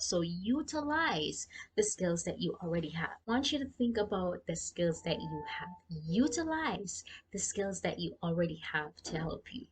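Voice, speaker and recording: Young Jamaican woman, casual advice vlog, slightly low voice, chatty, speaks straight to viewers. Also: slightly rough. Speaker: freelancing vlogger.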